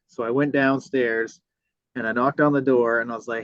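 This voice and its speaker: A man tells a story on a podcast, swearing freely and slipping into the voices of the people in it. His pitch sits in an ordinary middle range. The recording is dry with no room echo, and slightly dull and lo-fi. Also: steady tone, brisk, a bit bright. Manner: profane, re-enacts dialogue. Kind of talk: casual storytelling. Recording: dull lo-fi sound.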